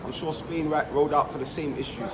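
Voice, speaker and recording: A man's voice: on the high side, a little fast. A man speaking outdoors at a street protest, emphatic and chant-like as he lists names. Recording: loud crowd noise in the background. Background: loud crowd.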